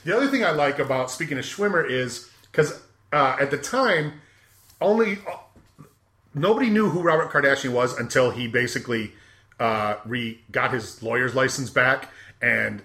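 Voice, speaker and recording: A man with a bright, forward voice talks casually at an even pitch. He explains things to listeners at home, with plenty of fillers and restarts. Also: normal speed. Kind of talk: casual podcast chat.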